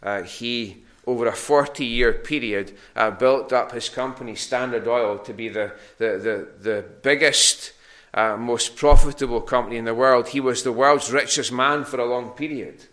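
Male preacher, mid-pitched, conversational sermon delivery, repeats words while finding them. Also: moderate pace, hardly any pauses, a bit bright. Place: church hall.

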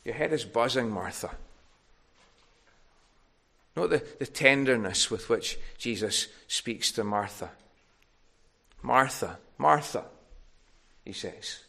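A man's voice: medium pitch, lively intonation, a little slow, gravelly, long pauses, sharp tone. A man preaching a sermon, earnest and tender, building to emphatic peaks.

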